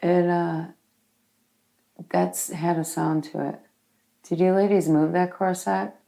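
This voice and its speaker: Low, gravelly-voiced woman investigator. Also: steady tone, takes it slowly, warm tone. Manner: joking, offhand. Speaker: paranormal investigator. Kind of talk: casual chat during a ghost investigation.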